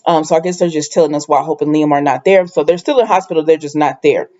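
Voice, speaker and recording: A woman's voice: low voice, quick pace, darkish tone. Chatty woman recapping with lo-fi sound. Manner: chatty, loose, many fillers and asides. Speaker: soap opera recap vlogger. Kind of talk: casual recap chat.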